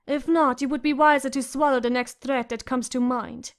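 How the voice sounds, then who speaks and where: A woman's voice: sits high, steady tone, moderate pace. A woman voicing a cold, imperious noblewoman who guards her son fiercely, in an audiobook reading. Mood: haughty. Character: cold, haughty noblewoman, overprotective mother.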